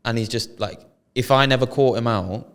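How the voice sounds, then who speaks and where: A man's voice: mid-range voice, moderate pace, a bit bright, clean tone, in a large hall. A British man co-hosting a podcast, telling a story in casual chat full of slang and swearing. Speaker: podcast co-host.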